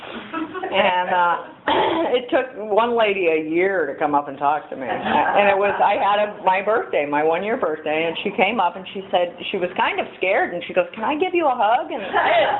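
A middle-aged woman speaking at a recovery meeting, candid and storytelling. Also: fairly low pitch. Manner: candid, storytelling, acts out quoted voices. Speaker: AA speaker sharing her story. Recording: tinny phone-like audio with faint hiss.

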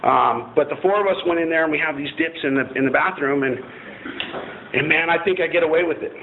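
Over a tinny phone-like line with a little faint noise, a man with a slightly high voice talks briskly. He's a former Marine recounting his own story to an audience, bluntly, profanely, and with plenty of self-mockery.

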